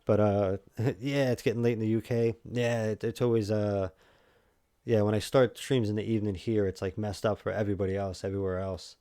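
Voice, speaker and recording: Streaming a game, a New York-accented man rambles casually to viewers, full of fillers and restarts. He speaks fairly quickly in a low-side, dark voice with fairly even intonation, in a dry, studio-quality recording.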